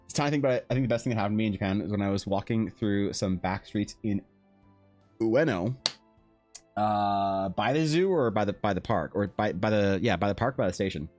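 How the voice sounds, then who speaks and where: A man's voice: lowish voice, brisk, a little mellow, soft background music. A young man streaming, telling rambling stories in casual chat with lots of restarts and swearing.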